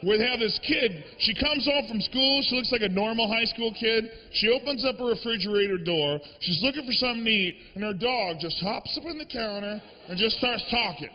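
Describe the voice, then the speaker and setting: Brash, high-voiced profane comedian. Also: male voice, a little fast, few pauses, big-room sound. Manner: brash, profane, shouting rants. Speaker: stand-up comedian. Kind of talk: stand-up comedy set. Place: stage, live show. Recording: dull lo-fi live recording.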